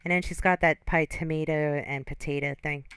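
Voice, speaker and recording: A woman's voice: low voice, fairly even intonation, brisk, a bit bright, slight background noise. A woman hosting a reaction video, giving teasing running commentary as she watches.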